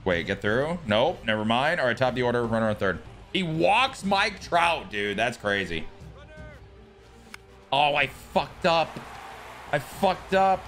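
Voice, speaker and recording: A man's voice: medium pitch, very animated, measured pace, faint music behind. Hyped young man commentating his game. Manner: hyped, swings between shouting and groaning. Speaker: gaming YouTuber. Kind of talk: excited gameplay commentary.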